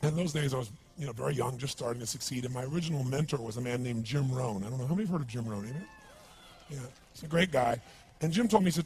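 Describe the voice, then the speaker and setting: A man's voice: medium pitch, rapid-fire, a little mellow. A man giving an emphatic seminar talk, telling stories and quizzing his audience. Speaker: motivational speaker.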